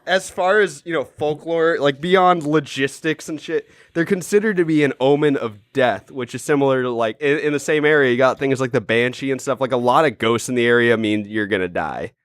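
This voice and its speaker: A young American man co-hosting a podcast, chatting casually and animatedly, swearing and doing loud mock howls. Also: mid-range voice, brisk, hardly any pauses, no echo. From United States. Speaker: podcast co-host. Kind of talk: casual chat.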